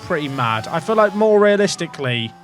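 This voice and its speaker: Animated man with high voice. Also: fairly quick, a little hiss or hum. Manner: animated, jokey, swings between hype and mutters. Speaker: gaming YouTuber. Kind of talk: excitable game commentary.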